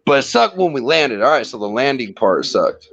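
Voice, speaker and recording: A man's voice: mid-range voice, very animated, moderate pace, fairly bright tone, muffled recording. A man telling a long rambling story in casual chat, swearing and laughing often.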